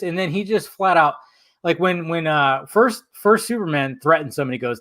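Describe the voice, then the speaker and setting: A man hosting a casual film chat over a call, excited, swearing freely and acting out movie lines. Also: high-pitched, moderate pace, no echo, studio quality. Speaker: podcast host.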